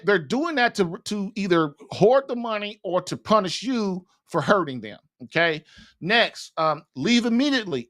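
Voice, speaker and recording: A man's voice: high-pitched, pushed and bright. A man hosting a marriage-advice show, talking in a blunt, folksy, rambling way. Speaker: podcast host, marriage advice. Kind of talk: casual advice monologue.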